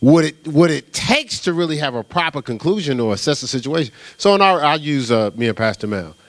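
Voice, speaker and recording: A man's voice: on the high side, brisk, dry recording. A middle-aged man from New Jersey preaching a sermon as pastor, telling stories casually and often asking "right?". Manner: animated storytelling, casual and conversational, with repeated "right?".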